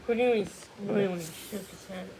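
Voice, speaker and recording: A woman narrating a storybook read-along in a steady, gentle telling with the odd slip and restart. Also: medium pitch, normal speed, very noisy. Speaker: storybook reader.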